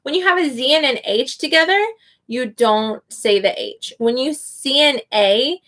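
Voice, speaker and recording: Her fairly high, fairly bright voice carries lively intonation as this young woman, an online English teacher, chats casually during a live lesson. She demonstrates how names are pronounced, drawing them out slowly and precisely.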